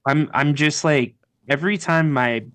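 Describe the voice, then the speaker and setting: A man's voice: fairly high pitch, a little slow, fairly bright tone, no echo. Laid-back male co-host with a sore lip. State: talking with a sore, sticking lip. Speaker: podcast co-host. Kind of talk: casual chat.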